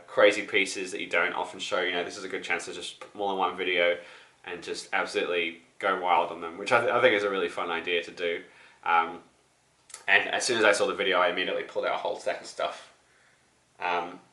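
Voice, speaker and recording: Young man, slightly sick voice, rambling vlogger, bright tone in an echoey room. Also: low-pitched. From New Zealand. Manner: rambling, many ums and restarts. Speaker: record-collecting vlogger. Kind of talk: casual vlog to camera. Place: apartment.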